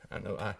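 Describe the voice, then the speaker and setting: A middle-aged male pastor preaching a sermon in a church, folksy, moving between quiet storytelling and shouted climaxes. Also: slight background noise.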